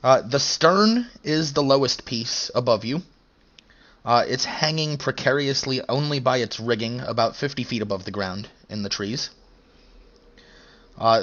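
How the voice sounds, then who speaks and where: Slow, hesitant young male game master. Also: medium pitch, a bit bright, lo-fi sound. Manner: slow, hesitant, many fillers. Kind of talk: narrating a tabletop game.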